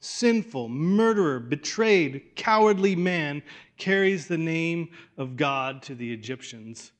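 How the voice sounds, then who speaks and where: A man preaching a sermon in a conversational way, restarting phrases and dropping to a hush for weight. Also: medium pitch. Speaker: pastor.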